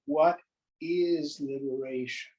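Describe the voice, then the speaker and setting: A man teaching a spiritual study group, unhurried and deliberate. His voice sits slightly high for a man and has a gravelly, creaky texture. He sometimes acts out small dialogues to make his points. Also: dark tone, poor audio.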